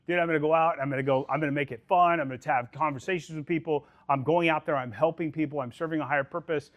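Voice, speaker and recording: A man leading a sales team meeting, giving an energetic, profane pep talk and calling people "dude". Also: fairly high pitch, fast talker, hardly any pauses. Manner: animated, swears, calls people dude.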